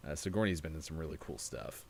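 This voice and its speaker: A man's voice: extremely low pitch, animated, quick pace, vocal fry, a little mellow. A man hosting a gaming morning show, chatting casually and rambling with laughs. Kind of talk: casual chat. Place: studio.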